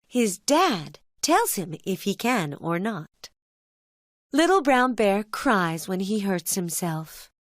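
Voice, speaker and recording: A woman telling a children's cartoon story as narrator, in a gentle storybook manner. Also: mid-range voice, no echo, studio quality.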